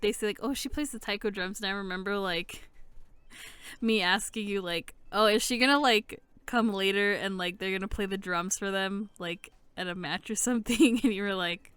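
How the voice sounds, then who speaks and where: A woman's voice: mid-range voice, normal speed, a bit bright, clean tone, dry recording. A young woman co-hosting an anime review, retelling scenes with frequent laughs and swearing. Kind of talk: casual chat.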